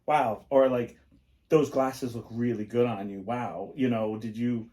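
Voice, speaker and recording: A man's voice: medium pitch, steady tone, a little slow, dark tone. A middle-aged man co-hosting a podcast, chatting casually and rambling through his stories with lots of fillers. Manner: rambling, filler-heavy storytelling. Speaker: podcast co-host. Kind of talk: casual chat.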